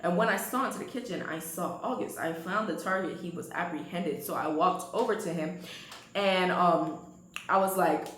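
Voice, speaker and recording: A woman's voice: on the low side, moderate pace, fairly bright tone, a little hiss or hum. A young woman vlogger telling a casual storytime, slangy and chatty, talking straight to her viewers. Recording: roomy echo.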